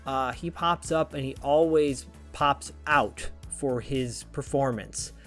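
A man co-hosting a podcast, giving quick, upbeat introductions in casual chat. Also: mid-range voice, a bit bright, faint music behind. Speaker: podcast co-host.

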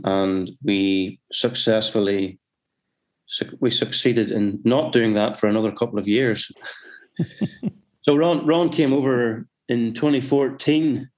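A musician guest from Northern Ireland, speaking with a Northern Irish accent in a mid-range, slightly mellow voice, tells stories in casual anecdotal chat. His delivery rambles, with frequent restarts and self-corrections.

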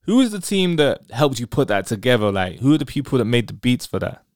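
An enthusiastic man hosts a podcast interview in a casual, effusive way. His voice is smooth and resonant, sitting at an ordinary pitch, and it is recorded dry and close with no room sound. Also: very animated, brisk, a little mellow, no room sound. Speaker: podcast host.

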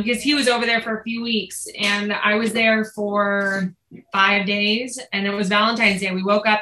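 A woman in her thirties, a podcast guest telling a family story in casual, animated conversation. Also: medium pitch, reverberant, low-quality recording. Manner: animated, lots of "like", acts out quoted lines.

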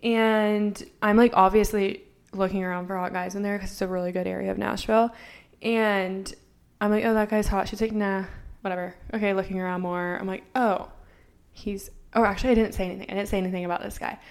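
Young woman, twenties, podcast co-host, casual storytelling, filler-heavy, mid pitch. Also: flat delivery, brisk, smooth. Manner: chatty, filler-heavy, acts out dialogue with swearing.

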